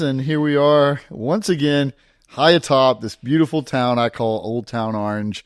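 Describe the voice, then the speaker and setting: A man's voice: mid-range voice, fairly even intonation, measured pace, clean tone, no echo. A man with a mid-range voice hosts a podcast, recorded dry and close. He talks in a friendly, encouraging way and laughs easily with his guest. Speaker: podcast host. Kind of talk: podcast interview.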